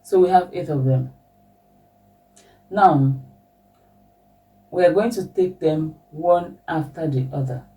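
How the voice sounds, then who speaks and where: A woman teaching a language lesson at a slow, patient pace, repeating each example question. Her voice sits a little low and sounds mellow. She is a little distant from the microphone.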